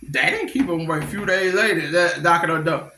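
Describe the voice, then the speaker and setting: A middle-aged woman tells stories in a bright, forceful voice. She talks bluntly and animatedly, in slangy speech. The room has a noticeable echo. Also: on the low side, brisk, a little hiss or hum. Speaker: vlogger. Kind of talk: casual storytelling. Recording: echoey room.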